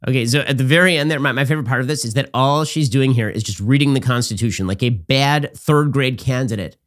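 A man hosting a political commentary show, talking in a sarcastic, rapid-fire, mocking way. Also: medium pitch.

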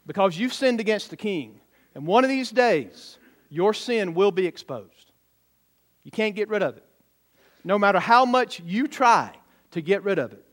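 A man's voice: high voice, animated, moderate pace. A man preaching a sermon to a congregation, telling a story and building to emphatic exclamations.

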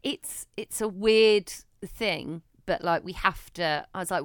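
A woman, co-hosting a casual podcast and telling a story in an animated way, swearing now and then and acting out what people said. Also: fairly low pitch, measured pace, hardly any pauses, clear, resonant tone, dry recording, studio quality. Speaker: podcast co-host. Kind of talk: casual chat.

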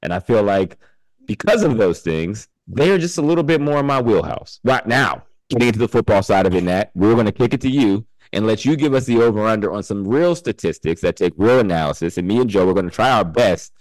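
A man's voice: lowish voice, lively intonation, brisk, no room sound, low-quality recording. A man hosting a casual podcast, laughing often and breaking in to read sponsor spots. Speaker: podcast host.

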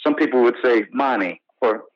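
A man from the United States talks through his career as an interview guest, animated and full of restarts. His voice sits at an ordinary pitch. The audio is dry and a bit dull, like a remote call. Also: brisk, dry recording. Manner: animated storyteller, many restarts and "you know". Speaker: actor guest. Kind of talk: casual interview storytelling.

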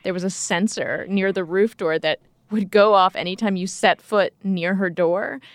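A woman podcast co-host reading narration and an ad in an upbeat, clear presenter style. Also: mid-range voice, moderate pace.

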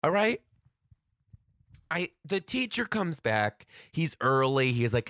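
A comedian spins a story straight to his audience, swearing freely and laughing at his own misfortune. His voice sits at an ordinary pitch but leaps up and down with every twist. The sound is close and dry, with no room around it. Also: moderate pace, dry recording. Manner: animated, swears, laughs often. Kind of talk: casual storytelling to camera.

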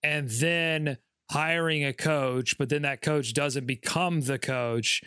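Bright-voiced man. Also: fairly high pitch, fairly even intonation, clear, resonant tone, dry recording, clean studio sound. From North Carolina. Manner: measured, skeptical, joking. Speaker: podcast co-host. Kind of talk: casual sports talk.

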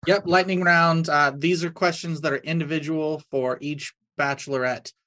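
A man's voice: fairly high pitch, fairly even intonation, moderate pace, pushed and bright. A man reading out lightning-round questions for a podcast dating game in a matter-of-fact way. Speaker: podcast producer.

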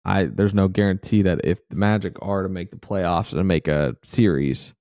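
A deep-voiced man with a gravelly edge, co-hosting a sports podcast. His tone is dark and mellow as he works through the team with some frustration. The recording is dry and close. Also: moderate pace, no room sound, dull audio. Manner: frustrated, analytical. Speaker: podcast co-host. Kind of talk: casual sports talk.

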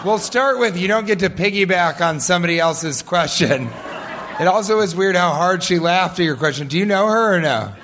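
A man's voice: high-pitched, animated, moderate pace, fairly bright tone, a little hiss or hum. A man answering audience questions in a loose, joking way, often laughing as he tells stories. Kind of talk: live audience Q&A storytelling.

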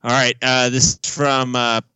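Podcast co-host, man, bright tone, dry close mic, quick jokey banter. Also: mid-range voice, little pitch movement, smooth, no echo. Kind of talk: casual sports chat.

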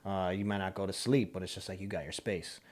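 A man's voice: sits low, steady tone, fast. A man in casual podcast chat, talking in a laid-back, rambling way with many fillers.

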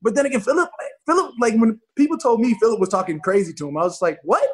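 A man chatting as a guest on a podcast, telling animated stories and acting out quoted voices. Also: high-pitched, racing. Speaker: guest football player. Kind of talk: casual podcast chat.

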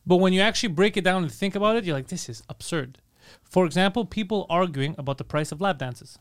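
A man's voice: sits high, fast, clean tone. A man in casual comedic chat, building up observational bits and laughing along. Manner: riffing on bits, laughs often.

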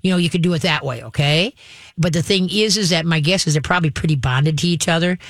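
Giving dog-training advice on her call-in radio show, a woman lays it out step by step in a brisk, instructive manner and frequently asks "okay?" Her voice is low-pitched, and there's no echo.

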